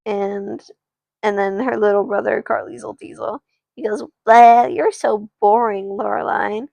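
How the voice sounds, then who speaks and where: A woman's voice: mid-range voice, vocal fry, no echo. A woman streamer casually narrating an improvised doll story, rambling and chatting to viewers. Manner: rambling, restarts, chats to viewers.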